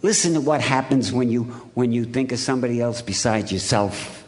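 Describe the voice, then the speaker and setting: Gruff, blunt storytelling man from Ohio. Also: medium pitch, fairly quick. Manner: blunt and gruff, swears freely, animated storytelling. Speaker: recovery meeting speaker. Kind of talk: storytelling talk to an audience.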